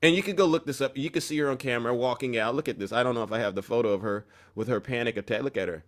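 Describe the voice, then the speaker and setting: A man's voice: medium pitch, very fast. A man hosting an opinion commentary show, talking emphatically in a preachy tone and often breaking off mid-sentence. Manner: emphatic, preachy, self-interrupting.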